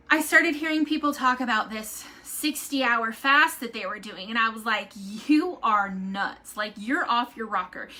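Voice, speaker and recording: A middle-aged woman, chatting casually to camera in a rambling, animated way. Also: high voice. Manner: chatty, rambling, animated, says "like" and "right?" a lot. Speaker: vlogger.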